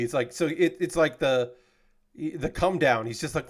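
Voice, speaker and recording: A man's voice: a little high, animated, normal speed. A man casually recapping an anime episode on a livestream, loose and profane, with lots of fillers and restarts. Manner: gets heated and indignant when he talks about unfair characters.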